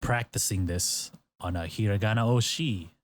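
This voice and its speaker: A man's voice: on the low side, moderate pace, no room sound. A man hosting a podcast, animatedly retelling a show and acting out everyone's lines in exaggerated voices. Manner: animated storyteller, acts out quotes in exaggerated voices. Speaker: podcast host. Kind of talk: casual chat recapping a variety show.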